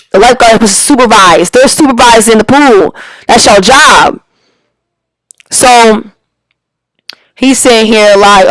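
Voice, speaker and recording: A woman's voice: on the high side, fairly bright tone, dry recording, rough recording. A woman, a parent, telling a story in a heated, emphatic, profane rant full of slang. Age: adult parent. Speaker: storyteller vlogger.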